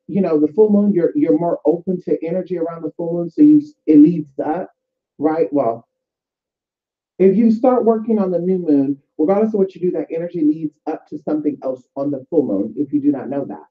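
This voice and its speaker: Profane chatty woman on a tinny recording. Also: deep voice. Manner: profane, chatty, addresses viewers as y'all. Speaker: spiritual vlogger. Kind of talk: casual spiritual advice and storytelling. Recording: tinny phone-like sound.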